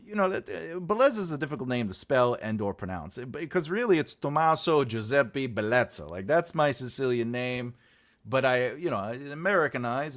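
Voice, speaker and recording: A man hosting a live writing stream, chatting loosely with his viewers, rambling and laughing, often acting out what other people say. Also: medium pitch. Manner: rambling, animated, laughs often, acts out quotes. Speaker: writing teacher and show host.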